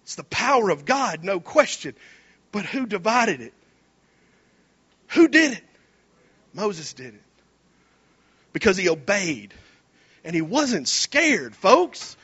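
A man preaching a sermon, animated and folksy, retelling scripture in casual slang. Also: sits high, slow pace, long pauses, slightly rough, highs cut off.

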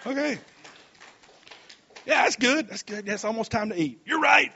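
Male preacher, high-pitched, folksy sermon, dull lo-fi church recording. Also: animated, sharp tone, slight background noise. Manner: folksy, reads scripture slowly and comments between verses. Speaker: pastor.

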